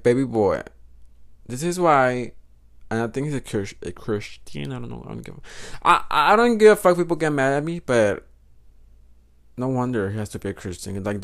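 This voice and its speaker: A young man with a Mexican Spanish accent hosting a casual solo podcast, rambling and cursing freely and slipping into Spanish phrases. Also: medium pitch. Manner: rambling, profane, switches into Spanish. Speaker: podcast host.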